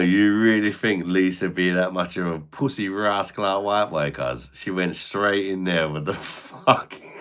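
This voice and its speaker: A man's voice: low-pitched, fairly bright tone. A man, chatting live to his viewers in crude, slang-heavy joking banter full of swearing. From Britain. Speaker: live streamer reading chat. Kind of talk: casual live-stream chat.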